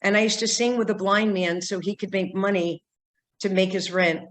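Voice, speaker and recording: An older woman from San Diego, a psychic medium telling her life story in an interview, animated and acting out the voices she quotes. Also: medium pitch, normal speed. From San Diego, California.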